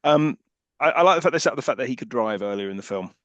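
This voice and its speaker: A man's voice: medium pitch, animated, racing, a bit bright, no echo, muffled recording. A man co-hosting a podcast, giving blunt opinions on films and swearing casually. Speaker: podcast co-host. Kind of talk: casual film discussion.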